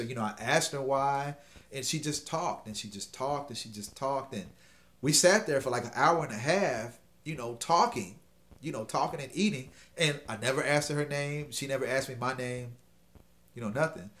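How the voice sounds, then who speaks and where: A man's voice: medium pitch, moderate pace, fairly bright tone. A middle-aged man hosting a show, telling a dating story in casual advice talk and checking in often with "okay?". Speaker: host giving dating advice.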